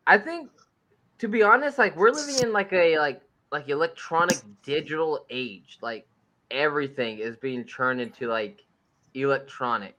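A man chatting casually with friends in a rambling way, leaning on filler words and laughing often. His voice is bright and edgy, and his pitch swings widely. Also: lively intonation, normal speed, slight background noise. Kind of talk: casual group chat.

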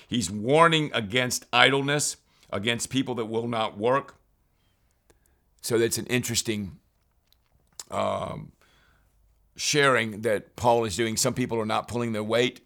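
A man, a priest, guiding listeners through weekly Bible readings in an earnest, unhurried way, reading passages of scripture aloud. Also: fairly low pitch, sharp tone. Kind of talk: Bible reading guide talk.

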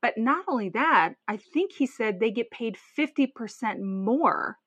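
A woman's voice: on the high side, lively intonation, unhurried, a bit bright, slightly rough, no room sound, muffled recording. A woman co-hosting a podcast, talking frankly and bluntly in casual chat. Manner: frank and outspoken, swears when indignant. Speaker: podcast co-host.

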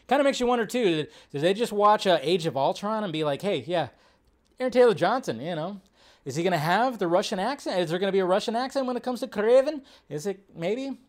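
Chatty man hosting a film news stream. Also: a little high. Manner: chatty and rambling, reads headlines aloud with asides; casual and quick, many fillers and restarts. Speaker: host of a film news live show. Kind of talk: casual live-stream commentary.

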